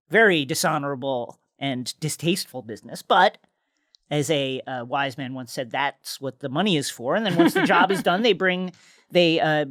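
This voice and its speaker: A man co-hosting a podcast, recapping a TV episode in a relaxed, chatty way with lots of "uh" and "you know.". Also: on the high side, no echo, studio quality. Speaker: podcast co-host.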